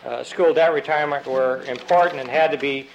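A man, a state representative, making a halting, deliberate floor argument about procedure with many fillers and restarts. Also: mid-range voice, fairly even intonation, vocal fry, dull audio, slight background noise. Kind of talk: floor debate. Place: legislative chamber.

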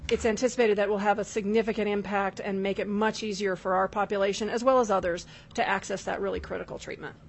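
Woman, official testimony, even monotone, formal, filler ums, addresses the chair. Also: medium pitch, fast, hardly any pauses, husky. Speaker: state corrections official testifying. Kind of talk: formal testimony at a legislative hearing.

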